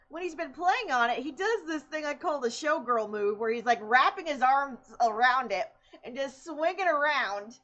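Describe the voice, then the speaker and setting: A woman's voice: sits high, bright, forceful tone, lo-fi sound. A young woman streamer in casual chat, chatty and laughing often as she tells stories.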